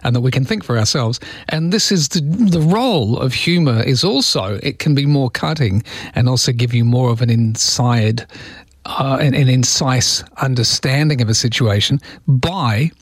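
A man's voice: mid-range voice, normal speed, husky, no room sound. Male talk radio host. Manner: agreeable, conversational, opinionated. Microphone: studio microphone.

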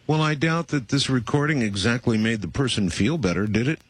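A man's voice: mid-range voice, lively intonation, a little fast, slight background noise. A man hosting a radio interview, asking probing, skeptical questions. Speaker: radio host.

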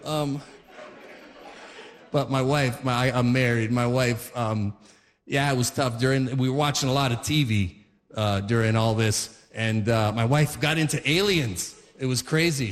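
A man's voice: medium pitch, long reverb tail. A man in his forties doing a stand-up comedy routine, rambling through stories with many fillers and acting out the characters in them.

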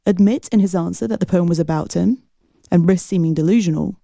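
A woman reporter narrating a news report in a measured way. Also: fairly low pitch, creaky, warm tone, no echo, studio quality.

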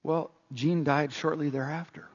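Male pastor, middle-aged, sermon, earnest, husky voice, muffled lo-fi sound. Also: on the high side, steady tone, a little slow. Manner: earnest storytelling, rhetorical questions. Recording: dull, long-reverb hall sound.

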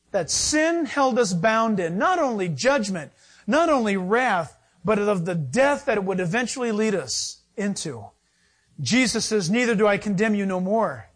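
A middle-aged male pastor preaching a sermon, animated, acting out little scenes with laughter. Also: high-pitched, husky. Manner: animated, acts out voices with laughter.

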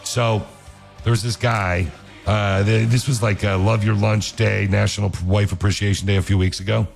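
A man's voice: on the low side, flat delivery, moderate pace, gravelly, faint music behind. A man hosting a radio show, talking enthusiastically in a casual chat style. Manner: enthusiastic, repeats praise. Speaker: radio host. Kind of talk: upbeat morning radio chat.

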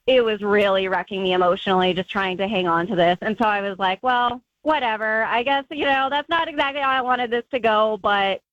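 A woman's voice: medium pitch, brisk, few pauses, fairly bright tone, no echo. A woman calling in to a radio show, telling her story in a chatty way with lots of "like" and acted-out quotes. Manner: chatty, peppers speech with "like", acts out quotes. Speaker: caller. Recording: dull lo-fi phone call on radio.

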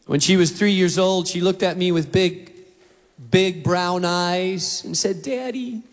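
A man preaching in a big auditorium, his voice sitting fairly high for a man. He tells animated stories and slips into other people's voices. A long reverb trails each phrase. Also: unhurried, faint music behind. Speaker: pastor. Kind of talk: sermon. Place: large auditorium.

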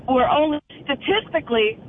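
A man's voice: very high voice, animated, moderate pace. A male caller on a radio show voicing his worry, asking question after question. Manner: worried, questioning. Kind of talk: call-in radio talk. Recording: tinny phone line with faint noise.

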